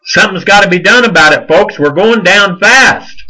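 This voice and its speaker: Fiery, scolding high-voiced man. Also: animated, normal speed, few pauses, bright, forceful tone, poor audio. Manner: heated, scolding, preacher-like ranting. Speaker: show host. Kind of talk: fiery religious commentary monologue.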